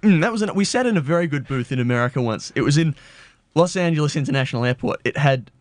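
Brief: Australian male radio co-host, slightly high voice, dry close sound, jokey faux outrage. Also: animated, fast talker, no echo. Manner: mock-indignant, playful ranting. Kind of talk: casual radio banter.

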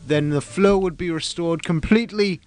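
A man's voice: high voice, moderate pace, darkish tone, faint music behind. A man co-hosting a comedy radio show, speaking in a pompous, mock-serious way. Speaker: radio co-host.

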